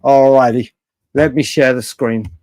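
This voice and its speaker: A man's voice: medium pitch, fairly even intonation, unhurried, a little mellow, no room sound. A man hosting a late-night live fan stream, chatty and rambling, often laughing and swearing freely. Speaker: fan show host.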